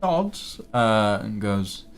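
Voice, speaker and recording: Low-voiced guy running a tabletop game, slow and hesitant, lots of ums. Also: very animated, clear, resonant tone. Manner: hesitant, many fillers. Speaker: game master.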